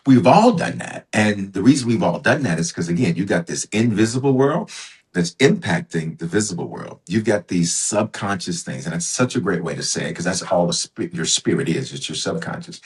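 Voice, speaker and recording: A man's voice: low voice, lively intonation, fairly quick. A man, a bishop and author, talking as a podcast guest with a preacher's cadence, emphatic and repeating his phrases. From United States. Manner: emphatic, repeats phrases, acts out inner voices. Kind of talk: conversational interview with preacher's cadence.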